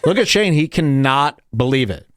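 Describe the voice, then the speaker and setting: A man hosting a podcast, ranting crudely and mockingly, now and then jumping into high put-on voices. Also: lively intonation, moderate pace, fairly bright tone, no room sound, clean studio sound. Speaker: podcast host. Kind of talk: crude comedic podcast rant.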